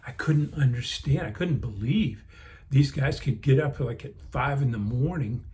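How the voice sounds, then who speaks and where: Older guy vlogging, rambly and sleepy, lots of ums, middle pitch voice. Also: darkish tone. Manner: rambling, unhurried, many fillers and restarts. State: yawning, sleepy. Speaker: vlog host. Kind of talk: casual reminiscing.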